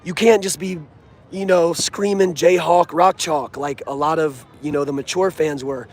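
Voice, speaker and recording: Young man, outdoor vlog, slightly high voice, earnest, slangy, casual. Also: normal speed. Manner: animated, earnest, streetwise slang. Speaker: sports fan vlogger.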